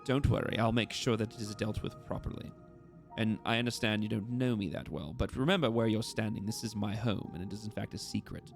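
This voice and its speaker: A man voicing a suave, quietly threatening nobleman in a tabletop game, polite on the surface. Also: fairly low pitch, steady tone, brisk, creaky, soft background music. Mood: menacing. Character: suave, menacing nobleman host with a rapier.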